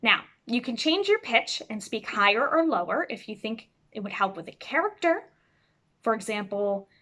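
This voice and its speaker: A bright, lively woman with a fairly high voice teaches a class over a video call. She speaks clearly and expressively, sliding her pitch up and down as she explains things. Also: normal speed. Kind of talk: instructional talk to students.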